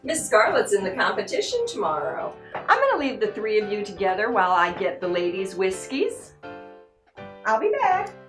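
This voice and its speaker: A woman's voice: mid-range voice, huge pitch swings, moderate pace, echoey room, soft background music. A woman playing a friendly frontier saloon owner with a welcoming manner.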